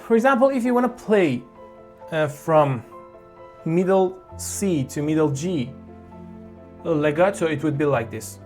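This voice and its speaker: A piano teacher who explains a beginner piece in a slow, halting way, with frequent fillers and restarts. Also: medium pitch, expressive. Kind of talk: online piano tutorial.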